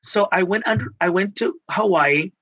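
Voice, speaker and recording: A man's voice: high voice, normal speed, sharp tone, dry recording, dull audio. A middle-aged man from Texas, a spiritual healer and life coach, telling personal stories expressively and slipping into Spanish endearments. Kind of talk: emotional storytelling in conversation.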